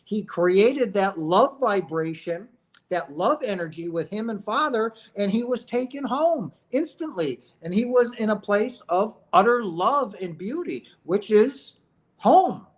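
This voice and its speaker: A man's voice: high-pitched, animated, measured pace. A man hosting a spiritual livestream, talking emphatically and preachily, firing off rhetorical questions and often asking "right?" and calling out to "guys". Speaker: streamer talking about near-death experiences.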